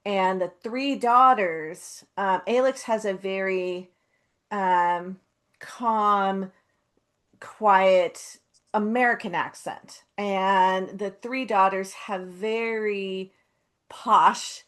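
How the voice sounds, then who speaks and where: A woman co-hosting a casual chat, speaking thoughtfully with frequent pauses and fillers. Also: mid-range voice, fairly even intonation, fairly bright tone. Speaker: co-host.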